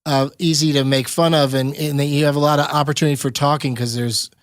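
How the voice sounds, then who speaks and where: A somewhat high-pitched man hosting a podcast in a loose, laid-back way, chuckling often between his words. He is heard through a close studio mic with a dry, dead sound. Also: steady tone, fairly quick, clean tone, no echo. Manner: laid-back, laughs often, lots of fillers. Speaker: comedian and podcast host. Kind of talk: casual podcast chat.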